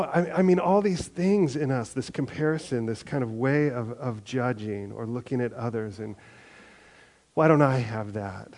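A male pastor giving a conversational sermon, reading scripture and acting out little prayers and replies with animated asides. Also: medium pitch.

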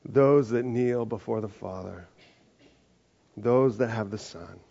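Gravelly low-voiced pastor preaching. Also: male voice. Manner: conversational preaching, slows for emphasis, lively asides. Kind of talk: sermon. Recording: muffled live sermon audio.

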